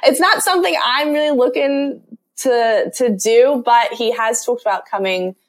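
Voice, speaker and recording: A woman's voice: on the high side, moderate pace. Giggly, hesitant woman podcast guest. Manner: hesitant, many fillers, giggly. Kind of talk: casual chat.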